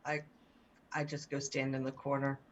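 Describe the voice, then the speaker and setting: A woman's voice: extremely low pitch, completely flat delivery, normal speed, slight background noise. A woman playing a tabletop game, chatting casually and hedging her words with "like" and "uh". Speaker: player.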